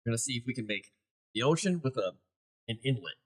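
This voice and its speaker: Quick and animated in a mid-range voice, this author runs a laid-back live stream, talking through his work out loud while chatting to his audience and his cat.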